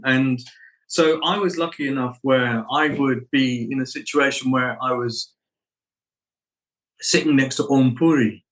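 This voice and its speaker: A man's voice: medium pitch, poor audio. Middle-aged male actor, interview guest, storyteller who acts out voices. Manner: animated anecdotes, acts out quoted voices.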